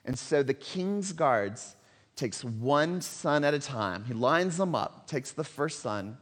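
A man's voice: medium pitch, lively intonation, slow pace. Male pastor, dramatic sermon storyteller, long hall echo. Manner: dramatic storytelling, swings between loud and hushed.

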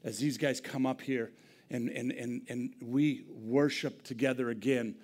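A man preaching a sermon in a church, dropping to hushed near-whispers and then rising to loud, impassioned bursts, repeating and restarting his words. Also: mid-range voice, fairly even intonation, unhurried. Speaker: pastor. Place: church sanctuary.

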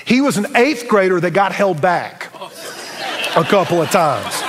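High-voiced preacher telling stories. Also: male voice, big pitch swings, a little slow, long reverb tail, a crowd in the background, background noise. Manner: storytelling, conversational, humorous asides. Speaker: pastor. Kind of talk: sermon.

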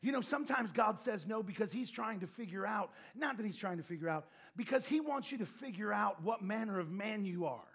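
High-voiced husky male preacher. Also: fairly quick, few pauses. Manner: animated storytelling with shouted emphasis and laughs. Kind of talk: sermon.

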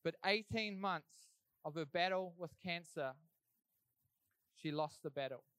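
A man's voice: fairly high pitch, a little slow, a bit bright, clear, resonant tone, dry recording. A young man telling his life story in an earnest, conversational way, as a church speaker giving testimony. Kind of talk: sermon testimony.

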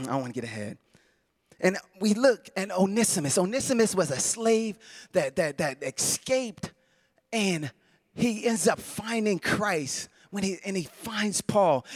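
A man preaching a heartfelt sermon in a voice that sits a little higher than most men's. He stumbles over and restarts his phrases, chuckles between thoughts, and drifts from hushed, low passages into loud, fervent bursts. The sound is close and dry, with no room echo.

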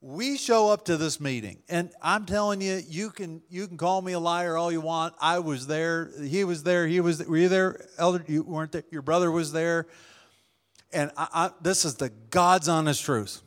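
A male pastor preaches a testimony to his congregation. His voice sits a little high, and he tells the story with energy, acting out the people in it and laughing along the way. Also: moderate pace. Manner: storytelling, animated, acts out quoted dialogue with laughs. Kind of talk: sermon testimony.

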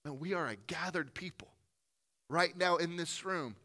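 Bright-voiced man preaching with swings in volume. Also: moderate pace. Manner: earnest, swings from loud emphatic peaks to soft low asides. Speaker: pastor. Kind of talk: sermon. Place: church room with a gathered congregation.

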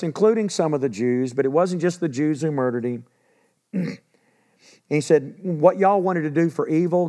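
A man's voice: on the high side, a little mellow. A man teaching a sermon in a conversational, emphatic way, repeating key points. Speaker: pastor.

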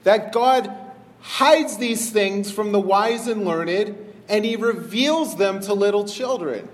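A man preaching a sermon in an animated, conversational way, acting out quick voices as he retells scripture. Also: high voice. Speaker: pastor. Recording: long hall reverb.

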